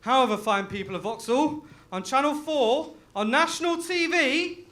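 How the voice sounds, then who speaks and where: A young man from Leicester doing a live stand-up set, loud and laughing, full of crude banter with the crowd. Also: very high-pitched, normal speed. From Leicester, England. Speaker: stand-up comedian.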